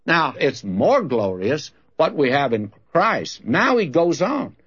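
A man's voice: on the high side, big pitch swings, slow, fairly bright tone, breathy edge. A man preaching a sermon, telling a story and acting out both sides of a conversation before reading scripture aloud. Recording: dull lo-fi recording.

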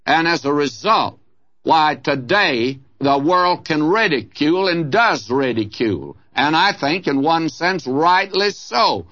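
A man's voice: a little high, lively intonation, slow pace, pushed and bright, no room sound. A man teaching the Bible in a folksy, earnest preaching manner, speaking to his listeners as "my friend". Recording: dull, lo-fi dry radio recording.

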